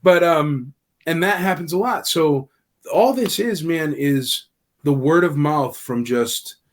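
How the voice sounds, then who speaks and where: A man's voice: a little high, slow. A man telling stories in a casual podcast chat, acting out quoted dialogue as he goes. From Nashville area. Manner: animated storyteller, acts out quoted dialogue. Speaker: convention organizer guest.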